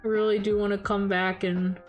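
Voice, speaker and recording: A woman VTuber streamer chatting casually, animated and tipsy, gushing like a fangirl and swearing freely. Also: medium pitch, moderate pace, faint music behind. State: tired and a little tipsy.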